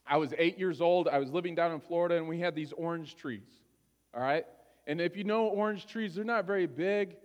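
A man's voice: on the high side, a little fast, in a large hall, highs cut off. A male pastor telling a personal story during a sermon, conversational and often checking in with his listeners.

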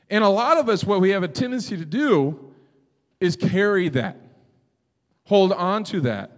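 A man preaches a sermon in a relaxed, conversational way, often tagging his points with "right?" to the congregation. His voice sits a little high for a man. A long hall reverb trails after his words. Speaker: pastor.

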